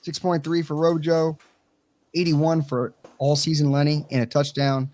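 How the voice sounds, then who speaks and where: A man's voice: on the high side, little pitch movement, moderate pace, darkish tone. A man with a country accent co-hosting a casual sports talk show, blunt and swearing freely as he tells stories. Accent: Southern US country. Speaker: co-host.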